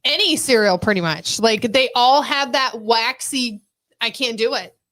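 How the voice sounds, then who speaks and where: A woman from Arizona co-hosting a podcast, telling stories in animated, chatty banter. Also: on the high side, unhurried. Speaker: podcast co-host. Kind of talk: casual chat.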